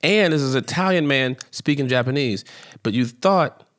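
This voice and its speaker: A man's voice: mid-range voice, expressive, moderate pace, a bit bright. A man co-hosting a podcast in casual chat, teasing and playful, laughing often. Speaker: podcast co-host.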